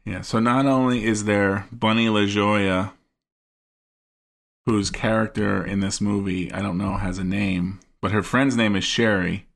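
Low-voiced, musing podcast man. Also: steady tone, a little slow, gravelly. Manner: analytical, hesitant, searching for words. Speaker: podcast co-host. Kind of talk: casual film-discussion chat.

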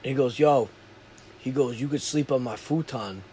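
A man in casual conversation, chiming in with quick agreements and comments. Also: mid-range voice, dark tone, a little hiss or hum. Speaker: podcast co-host. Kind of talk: casual chat.

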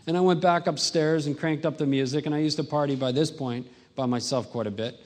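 A man's voice: a little high, fairly quick, darkish tone, in a large hall. A man giving a personal testimony, telling his story and acting out his past self in a raised voice.

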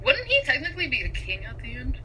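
Excitable young woman co-host, laughs a lot, high piercing voice. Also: fast, slight background noise, poor audio. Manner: enthusiastic, laughs often. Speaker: podcast co-host. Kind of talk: casual chat.

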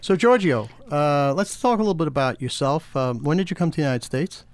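A man's voice: a little high, animated, brisk, no echo. A man with a Brooklyn accent hosting an interview, chatty and encouraging with his guest. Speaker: host.

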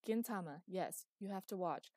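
A woman voicing a cheeky adult woman who jokes in a brash, lively way. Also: on the low side, normal speed, no room sound, clean studio sound, lightly acted. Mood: joking. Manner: brash, joking.

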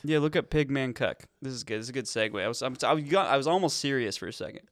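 A man's voice: mid-range voice, expressive, quick pace, a bit bright, dry recording, clean studio sound. A man co-hosting a crude comedy podcast, telling rambling, profane stories with sudden outbursts. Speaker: podcast co-host.

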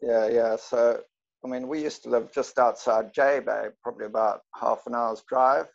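A man's voice: mid-range voice, fairly even intonation, moderate pace, gravelly, muffled recording. A man from South Africa with a South African accent, a laid-back podcast guest who laughs often. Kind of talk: casual chat.

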